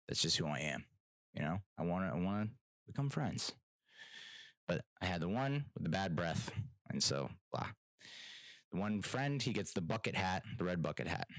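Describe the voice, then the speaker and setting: A man's voice: low voice, a bit bright, no room sound, rough recording. A man hosting his own podcast, telling rambling, self-mocking stories in casual solo chat. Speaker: podcast host.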